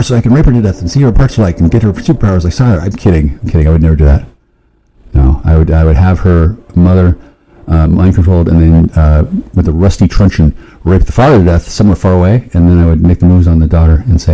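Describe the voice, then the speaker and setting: Guy with a lowish dark voice rambling on and swearing a lot, keeps restarting, pitch jumps up out of nowhere. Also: fast, rough recording. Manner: rambling and profane, with sudden leaps in pitch and frequent restarts. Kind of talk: rambling monologue.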